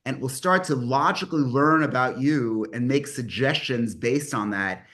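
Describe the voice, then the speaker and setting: A man's voice: mid-range voice, normal speed, a bit bright. Man, 50s, mastermind host on a video call; casual, rambly, enthusiastic. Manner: rambling, self-correcting, enthusiastic. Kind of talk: casual online meeting talk.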